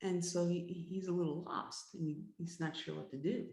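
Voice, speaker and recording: A woman, a healer and teacher, telling a story to a class, repeating words and slowing down to build suspense. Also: lowish voice, fairly even intonation, a little mellow. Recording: roomy echo.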